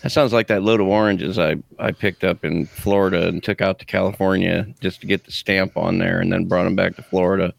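A man's voice: low-pitched, little pitch movement, fairly quick, creaky, hardly any pauses, no room sound. A man hosting a casual trucker podcast, cracking teasing jokes. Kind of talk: casual chat.

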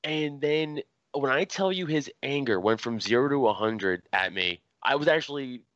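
A male podcast host talking casually, swearing often and getting worked up as he recounts a story. His voice sits at an ordinary pitch. The recording is dry and somewhat dull and lo-fi. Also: normal speed, no room sound. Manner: animated, profane storytelling.

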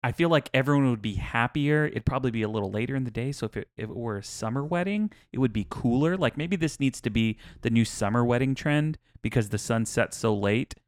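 A man's voice: medium pitch, brisk, few pauses, dry recording, clean studio sound. A man co-hosting a podcast, speaking in an enthusiastic, emphatic way. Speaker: podcast co-host. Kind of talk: casual chat.

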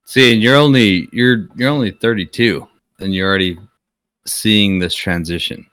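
A young man with a very low, deep voice rants bluntly on a podcast, swearing freely as he talks. The sound is close and dry, with no room echo. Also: normal speed, fairly bright tone. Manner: blunt, profane, ranting. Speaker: podcast co-host. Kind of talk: casual chat.

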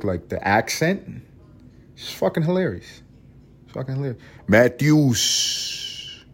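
A man's voice: on the low side, darkish tone. A man from Harlem, hosting a podcast in a rambling, profane, joking monologue with frequent restarts. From Harlem, New York. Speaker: podcast host. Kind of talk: casual solo podcast monologue.

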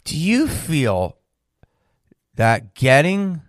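Animated man hosting a podcast chat. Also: on the high side, very slow, no room sound, clean studio sound. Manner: animated, emphatic storyteller. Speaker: podcast host. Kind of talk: casual interview chat.

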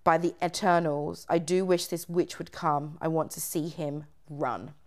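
A woman reading out the lines of a scoffing old general, in her own low voice. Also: fairly even intonation, unhurried, darkish tone.

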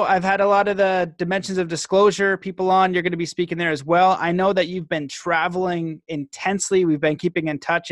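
A man hosting a podcast, calmly reading an ad and guiding listeners into the interview. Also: high voice, no echo, studio quality. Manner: calm, guiding a breathing exercise. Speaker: podcast host.

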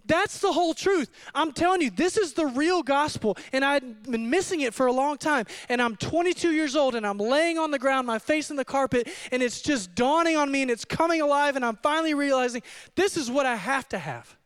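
Guy preaching, fired up then quiet, way high pitched. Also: expressive, fairly quick. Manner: fervent preaching, swings from hushed to shouting. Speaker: pastor. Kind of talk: sermon.

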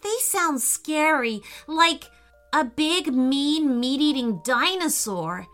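A woman voicing Chase, an excitable young boy who loves dinosaurs. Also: takes it slowly, soft background music, exaggerated voice. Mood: excited. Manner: high, eager and excited.

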